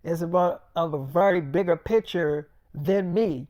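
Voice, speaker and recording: A man's voice: on the high side, a little slow, darkish tone, no echo, clean studio sound. A man telling a long, rambling story in casual slang and swearing, often stammering and linking quoted lines with "I'm like".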